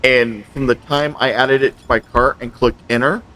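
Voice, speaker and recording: A man's voice: mid-range voice, steady tone, normal speed, bright, forceful tone, a little hiss or hum. Rambling man telling a long gripe. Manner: rambling storyteller, acts out both sides of quoted exchanges. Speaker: gaming channel host. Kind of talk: casual chat while gaming.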